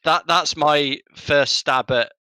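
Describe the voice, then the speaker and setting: A man's voice: fairly high pitch, slow, pushed and bright, clean tone, no echo, low-quality recording. A man co-hosting a casual podcast, talking with a dry, sarcastic wit. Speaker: podcast co-host. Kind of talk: casual chat.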